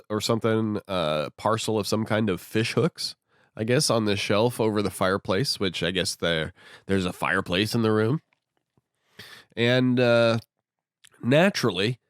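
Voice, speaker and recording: A man's voice: lowish voice, clean tone, no room sound, studio quality. A man casually retelling a novel in an irreverent, sardonic way, swearing freely. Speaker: host, book reviewer. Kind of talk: casual profane book retelling.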